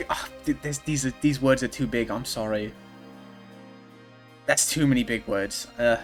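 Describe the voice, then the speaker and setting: A man streaming a game, chatting excitedly and laughing often as he reacts. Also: medium pitch, normal speed, soft background music. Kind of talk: casual gameplay commentary.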